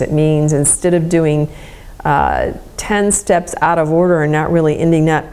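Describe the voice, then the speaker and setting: Woman, movement teacher, low pitch, mellow tone, soft soothing instruction. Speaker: movement educator. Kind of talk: guided movement lesson.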